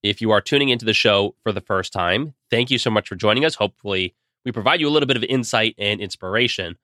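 Earnest podcast host with a cold. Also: male voice, fairly low pitch, fast talker, sharp tone, no echo, clean studio sound. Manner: earnest, heartfelt, speaks directly to listeners. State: getting over a cold. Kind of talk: solo podcast monologue.

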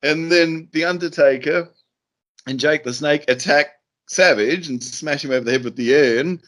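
A man's voice: on the high side, moderate pace. A man, co-hosting a podcast and recapping a wrestling event in casual chat, acting out the voices he quotes. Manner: animated storyteller who acts out quoted voices. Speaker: podcast co-host.

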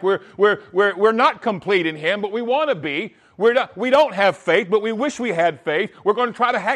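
A man preaching a sermon in an animated way, often restarting his words. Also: high voice. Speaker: pastor.

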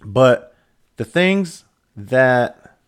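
A man's voice: mid-range voice, big pitch swings, very slow, clean tone. A middle-aged man hosts a podcast, telling a rambling, profane story in a loose, self-mocking way. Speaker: podcast host. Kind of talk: casual storytelling.

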